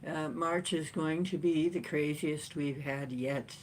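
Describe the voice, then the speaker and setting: A woman hosting a casual livestream chat from home, rambling and chatty with frequent laughs and playful jumps in pitch. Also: steady tone, slow pace, a little mellow, a little hiss or hum. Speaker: livestream host. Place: at home, sitting in a chair with a cat.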